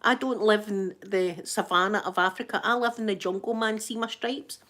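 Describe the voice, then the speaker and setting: A woman's voice: mid-range voice, moderate pace, fairly bright tone, close to an everyday voice. A woman voicing a cheeky male toy zebra with a brash Glaswegian accent, talking cocky. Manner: brash, cocky street talk. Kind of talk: playful toy voice.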